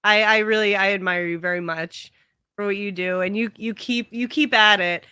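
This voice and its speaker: A woman's voice: mid-range voice, steady tone, moderate pace, sharp tone, clean tone, no echo. Chatty swearing young woman, dry sound. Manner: effusive, swearing, laughing, chatty. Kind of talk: casual chat.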